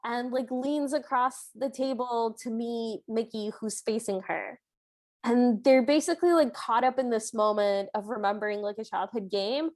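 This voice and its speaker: Chatty higher-voiced woman podcast host. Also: moderate pace, darkish tone. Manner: chatty, filler-heavy storytelling with frequent "like". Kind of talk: casual chat recapping a film.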